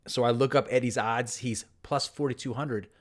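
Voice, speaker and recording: On his golf channel, the host tells a story and reads posts aloud in a sarcastic, mock-dramatic manner, his commentary narrated throughout. His voice is medium in pitch, with a steady tone and normal pace.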